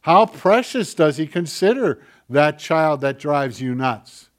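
Man, pastor, sermon, somewhat high voice, hushed then urgent, rhetorical questions. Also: expressive, slow pace. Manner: swings between quiet, heavy emphasis and louder urgent passages.

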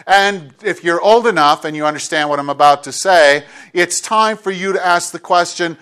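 High-voiced male pastor preaching. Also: moderate pace, few pauses, a bit bright, clean tone. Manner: conversational preaching, acts out quoted dialogue. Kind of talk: sermon.

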